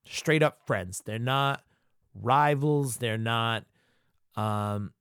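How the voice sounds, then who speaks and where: A man's voice: mid-range voice, very slow, a bit bright, clear, resonant tone, no room sound, studio quality. A man hosting a podcast, giving loose, profane fan commentary as he retells scenes. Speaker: podcast host.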